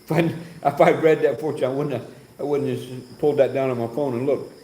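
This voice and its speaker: A man's voice: mid-range voice, steady tone, fairly quick, warm tone. A man hosting a casual livestream, reading comments and joking around in a teasing, chatty way. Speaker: livestream host. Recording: echoey with faint background noise.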